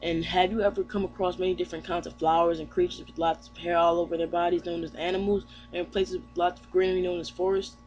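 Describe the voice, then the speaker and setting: A man's voice: high voice, little pitch movement, fast talker, few pauses, a little mellow, highs cut off, a little hiss or hum, natural voice. A man voicing a sheltered, timid mermaid princess who speaks in a formal, polite and weepy way. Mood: gentle.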